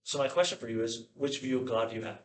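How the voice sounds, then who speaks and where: A man's voice: medium pitch, steady tone, quick pace, low-quality recording. A man preaching a sermon in a conversational way, often checking in with his listeners and acting out prayers in a raised, pleading voice. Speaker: pastor.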